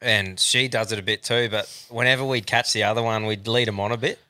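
An Australian man hosts a podcast in a loose, joking chat, full of laughs and swearing. His voice is bright and forward, and the room sounds dry and close. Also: fairly low pitch, fairly even intonation, a little fast, no room sound. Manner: laughs often, swears a lot. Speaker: podcast host. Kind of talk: casual chat.

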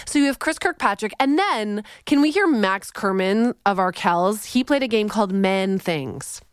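Bubbly smooth-voiced Canadian woman host. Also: mid-range voice, normal speed, dry recording, studio quality. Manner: animated, playful, theatrical. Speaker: podcast host. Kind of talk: casual podcast chat.

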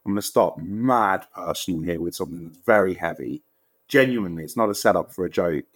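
Deep-voiced London man telling stories. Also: brisk, dry recording, clean studio sound. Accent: London English. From England. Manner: animated storyteller, acts out quotes with jumps in pitch. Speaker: guest actor. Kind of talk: casual anecdote in a podcast interview.

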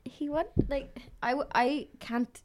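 A woman's voice: high-pitched, steady tone, takes it slowly, background noise. A woman co-hosting a casual podcast chat, telling a story and laughing through it. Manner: laughs through her stories. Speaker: podcast co-host.

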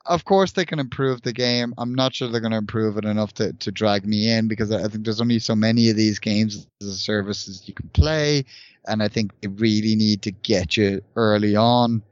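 A man's voice: fairly low pitch, brisk, no room sound, dull audio. A man co-hosting a casual gaming podcast, rambling with many restarts. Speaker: podcast co-host.

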